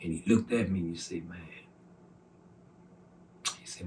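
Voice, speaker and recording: A man's voice: low-pitched, a little slow, mellow, a little hiss or hum. A man with a Southern US accent giving an earnest, emotional personal testimony, repeating himself as he tells his story. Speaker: testimony speaker.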